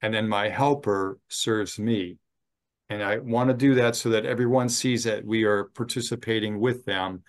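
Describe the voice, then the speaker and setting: A middle-aged man, a chaplain, giving a slow, gentle training talk on ministry, with some fillers. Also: on the low side, fairly even intonation.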